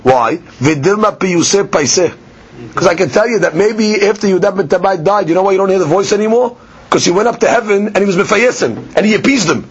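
Fast, husky man teaching Talmud. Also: sits high. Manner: explains Aramaic text line by line in English, animated. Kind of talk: daily Talmud lesson. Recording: muffled lo-fi podcast recording.

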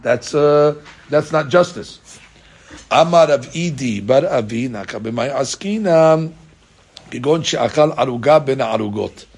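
A man's voice: medium pitch, measured pace, vocal fry, darkish tone, slightly rough. A man teaching a daily Talmud class, reading out Aramaic text and explaining it in casual English with rhetorical questions and many fillers.

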